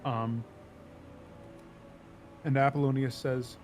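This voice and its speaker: A man's voice: mid-range voice, steady tone, measured pace, soft background music. A man narrating as game master in a loose, easygoing way full of fillers.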